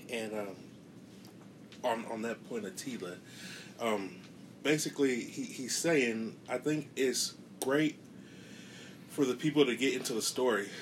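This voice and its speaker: A man's voice: mid-range voice, slight background noise, low-quality recording. Hesitant man on a podcast. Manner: hesitant, halting with fillers. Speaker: podcast co-host. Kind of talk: casual podcast discussion.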